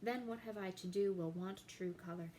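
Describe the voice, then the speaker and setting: A woman's voice: mid-range voice, normal speed, warm tone, slight background noise, natural voice, poor audio. A woman reading the lines of a haunted, agitated young prince, urgent and emphatic. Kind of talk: dramatic reading of verse.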